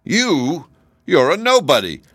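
Man acting out an indignant tin soldier, harsh, loud, higher pitch, dry. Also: expressive, moderate pace, no echo.

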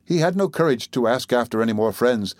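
A man reading a story aloud in a steady, measured narrating voice. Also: medium pitch, no room sound, studio quality. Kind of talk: audiobook narration.

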